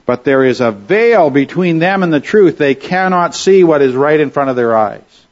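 A man's voice: on the high side, expressive, normal speed, dull audio. A man preaching a sermon in an earnest, conversational way, asking rhetorical questions of his listeners. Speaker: pastor.

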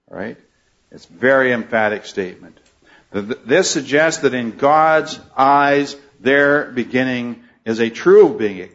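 A man delivers an expository sermon in a middle-pitched voice, earnest and measured, leaning hard into the words he wants to stress. The recording sounds a little dull and muffled. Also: a bit bright. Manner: earnest teaching tone, rising emphasis on key phrases. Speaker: preacher.

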